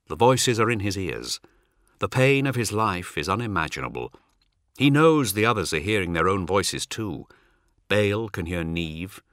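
An audiobook narrator reads scripted passages from a dark fantasy novel in a low, unhurried voice, measured and dramatic. His pitch moves expressively, and his tone is bright and forward. The recording is dry and close, like a studio booth.

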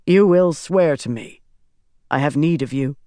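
A narrator voicing a calm young man who speaks quietly and steadily. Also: mid-range voice, unhurried, no echo, clean studio sound, lightly acted. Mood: grave.

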